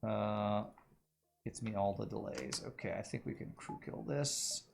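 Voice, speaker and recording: Gravelly-voiced man streaming a game. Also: lowish voice, unhurried, noisy background. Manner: musing aloud, chatting with viewers. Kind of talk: casual gameplay commentary.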